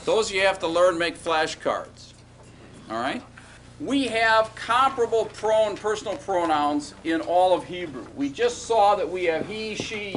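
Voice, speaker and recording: A man's voice: high-pitched, fairly bright tone, a little hiss or hum. A man teaching a Hebrew grammar class, checking in with his students and leading them in repeating words after him. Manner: drilling students with call-and-response repetition; checks in often with okay and all right. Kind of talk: classroom lecture.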